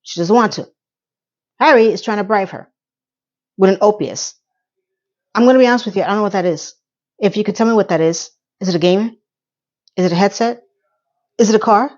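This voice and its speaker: Chatty woman going over a tv episode, mid voice, kinda dull lo-fi audio, lots of asides to viewers. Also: mid-range voice. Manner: chatty, animated, quick asides and questions to viewers. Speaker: TV recap reviewer. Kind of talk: casual recap chat.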